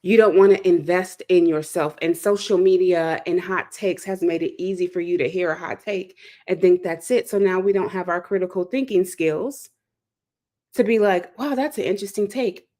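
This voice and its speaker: A host and speaker from Chicago's South Side gives an impassioned monologue, preaching-style and emphatic, returning again and again to key phrases. Her voice is fairly low, warm and steady, at a normal speed.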